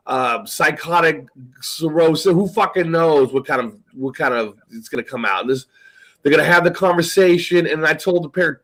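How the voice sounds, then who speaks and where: A man's voice: a little high, a bit bright, low-quality recording. A man talking as a guest in a casual chat, rambling and swearing as he tells stories full of quoted dialogue.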